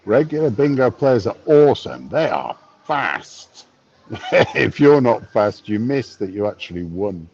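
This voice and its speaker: A man's voice: lowish voice, very animated, a little slow, a little mellow, slightly rough, highs cut off. A man in his fifties, live streaming from a bar on his phone, chatting wryly and reading chat messages aloud. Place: bar, drinking a pint.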